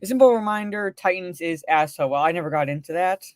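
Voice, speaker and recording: A woman's voice: on the low side, quick pace, dry recording, studio quality. A woman co-hosting a casual livestream and reading out chat messages, talking in a rambling way with many fillers and restarts. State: recovering from a migraine. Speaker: co-host reading live chat.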